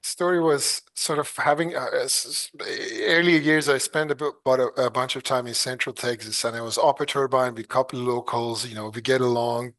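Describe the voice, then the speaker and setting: A male clean energy engineer, appearing as a podcast guest in casual interview talk, speaks hesitantly with many fillers and restarts, chuckling as he tells stories. His mid-range voice is fairly bright with fairly even intonation, and he talks fairly quickly with hardly any pauses.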